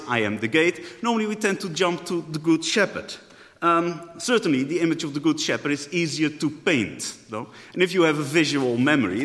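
A man's voice: mid-range voice, fairly bright tone. A man preaching a sermon in a thoughtful way, often rephrasing mid-sentence. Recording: echoey hall.

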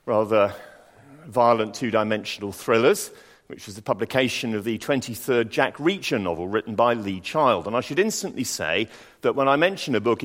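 A man preaching a sermon. He reads scripture slowly, then tells personal stories with dry asides. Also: fairly low pitch, in a large hall.

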